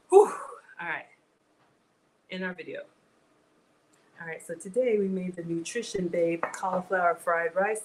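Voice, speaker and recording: A woman's voice: on the low side, a little hiss or hum, low-quality recording. A middle-aged woman hosting a casual cooking livestream, chatting with viewers, greeting them by name and laughing often. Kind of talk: casual live cooking chat.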